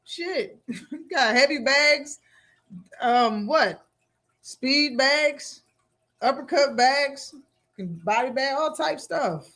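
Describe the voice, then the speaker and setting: A man's voice: very high voice, expressive, drawn-out words, long pauses, pushed and bright. A man hosting a live boxing talk stream, reacting casually with slang and frequent laughter.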